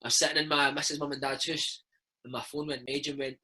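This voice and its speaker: A man's voice: a little high, level tone, quick pace, pushed and bright, breathy edge, poor audio. A Scottish man in his thirties, a former footballer telling stories in a casual interview, peppering his talk with "mate" and "man". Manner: chatty storyteller, peppers speech with "mate" and "man".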